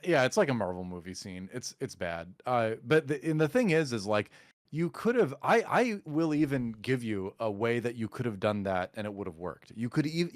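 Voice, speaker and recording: A man co-hosting a podcast, chatting casually about a movie with sarcasm and animated delivery. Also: fairly low pitch, no echo, studio quality. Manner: animated, sarcastic, acts out quotes in mocking voices. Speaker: podcast co-host. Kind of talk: casual movie review chat.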